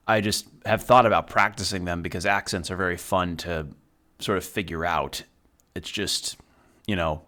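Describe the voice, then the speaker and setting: A man's voice: deep voice, pushed and bright. A man streaming a video game, chatting casually and rambling between thoughts, with the odd swear word. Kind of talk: casual chat while playing a video game.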